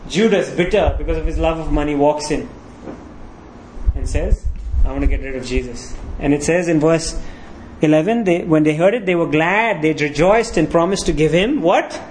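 A man's voice: a little high, moderate pace, a little mellow, a little hiss or hum, low-quality recording. A pastor preaching a sermon, walking his congregation through scripture with frequent rhetorical questions.

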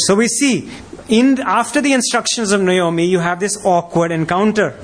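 A man's voice: sits high, normal speed. A man preaching a sermon as a pastor, emphatic and full of rhetorical questions.

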